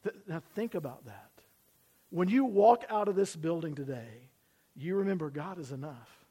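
A man preaching a sermon to his church, swinging from loud emphasis down to hushed tones and having the congregation repeat after him. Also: on the high side, expressive, normal speed, slightly rough. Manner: preaching with sudden loud emphasis and drops to near-whisper; asks the congregation to repeat phrases. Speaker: pastor. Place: church building.

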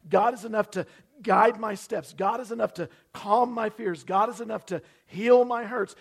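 Guy pastor preaching in church, highish voice, leans hard on repeated lines and slows way down on them. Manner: repetitive emphatic preaching, slows down on key phrases. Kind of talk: sermon. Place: church sanctuary.

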